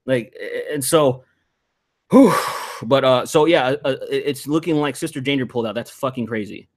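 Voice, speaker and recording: A man hosting a casual podcast chat, telling stories in an animated, profanity-laced rant. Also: medium pitch, moderate pace. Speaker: podcast host.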